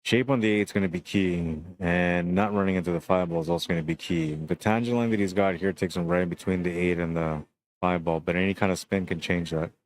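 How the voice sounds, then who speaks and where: A man with a low voice calls a pool match live, talking through each shot in a relaxed, chatty way. Between shots he greets viewers of the stream one by one. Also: a little fast, no room sound.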